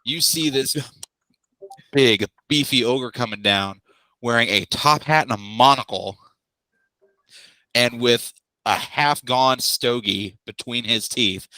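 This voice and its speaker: A man narrating as game master of a tabletop game, describing scenes in a relaxed way with jokey asides. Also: medium pitch, unhurried, no room sound, rough recording.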